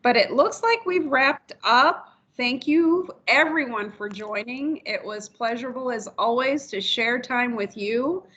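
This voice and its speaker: A woman's voice: fairly high pitch, measured pace, hardly any pauses, a bit bright. Chatty woman giving puppy training advice. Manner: chatty, acts out people's voices when explaining. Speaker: puppy development staff host. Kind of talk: advice-giving webinar chat. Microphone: video call. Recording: muffled video call audio.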